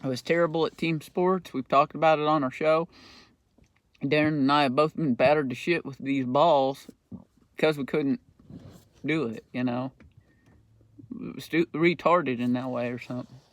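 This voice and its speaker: A man's voice: fairly high pitch, steady tone, moderate pace, long pauses. A middle-aged man hosting a podcast, telling a rambling story in a casual, profane monologue. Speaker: podcast host.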